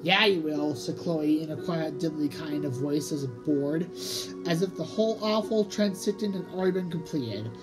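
A woman's voice: low voice, normal speed, low-quality recording. A woman narrating a children's audiobook expressively, drawing out key words for emphasis. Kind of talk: storybook read-aloud narration. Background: music.

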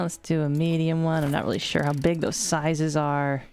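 A woman's voice: low voice, little pitch movement, moderate pace, a little mellow, clear, resonant tone. A young woman streaming a game, chatting playfully and slipping into a joking mock French accent. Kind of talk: casual gameplay commentary.

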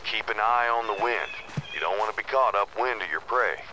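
A man voicing a calm in-game hunting guide who gives brief, instructive advice. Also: lowish voice, normal speed, noisy background, natural voice. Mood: advising.

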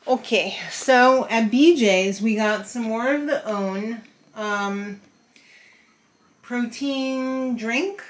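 A young adult woman giving a casual, chatty vlog update, upbeat and quick to laugh. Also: medium pitch, fairly bright tone. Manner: chatty, upbeat, laughs often, many fillers and restarts. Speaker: vlogger host.

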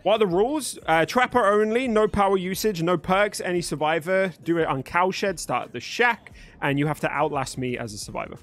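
With soft music in the background, a young streamer from Birmingham, England, reads his chat and thanks viewers as he talks with them. He speaks British English with a mostly neutral accent, his voice sitting high and fairly bright at a moderate pace with few pauses.

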